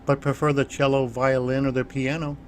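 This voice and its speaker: A man's voice: medium pitch, flat delivery, brisk, slight background noise, lightly acted. A man voicing a young woman refugee musician with a mild Russian accent, speaking in a subdued, modest way. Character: young female refugee musician, soft-spoken and sad.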